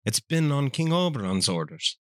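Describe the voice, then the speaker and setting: A man's voice: mid-range voice, sing-song, normal speed, no echo, clean studio sound, natural voice. A man voicing a cheeky, bawdy female leprechaun in a put-on Irish accent, in a comedic reading. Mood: sultry. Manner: playful brogue, laughs through lines.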